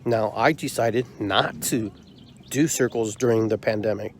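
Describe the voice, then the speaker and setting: On his own podcast, a man delivers a heated, frustrated monologue packed with repeated rhetorical questions. He hosts the show and also leads a drum circle, and his fairly low voice moves at an unhurried pace over a little hiss or hum.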